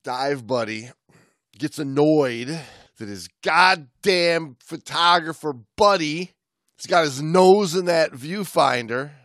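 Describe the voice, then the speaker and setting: A man's voice: on the high side, expressive, takes it slowly, a bit bright, no room sound, clean studio sound. A man co-hosting a podcast in casual chat, joking and teasing his partner. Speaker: podcast co-host.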